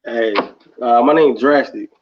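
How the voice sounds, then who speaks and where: A man's voice: mid-range voice, measured pace, lo-fi sound, very noisy. A man calling into a podcast as a guest, laid-back and blunt, apologizing for his spot. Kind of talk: casual chat.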